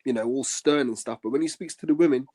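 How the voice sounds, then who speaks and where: Male co-host, mellow mid voice, earnest and measured scripture commentary. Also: medium pitch. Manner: earnest, measured, many "um" pauses. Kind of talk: religious podcast discussion.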